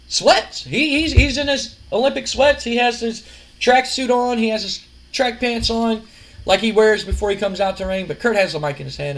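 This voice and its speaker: A man casually narrating a wrestling sim game, rambling and animated with lots of fillers. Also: high voice, low-quality recording. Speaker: gaming video host.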